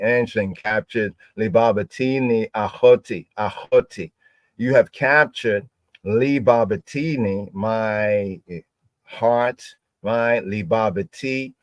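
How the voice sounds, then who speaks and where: A man with a low voice teaches a scripture word study at a very slow pace, repeating each word and sounding it out syllable by syllable. The sound is dry and close, with a slightly dull lo-fi tone. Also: dry recording. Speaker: religious teacher. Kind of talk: Hebrew word study for a podcast.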